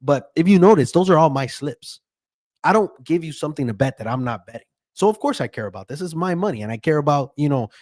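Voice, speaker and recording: A man's voice: medium pitch, a little mellow, dry recording, studio quality. A man who handicaps bets, giving a casual, profane fight breakdown and keeps checking in with "right?". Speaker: MMA betting handicapper.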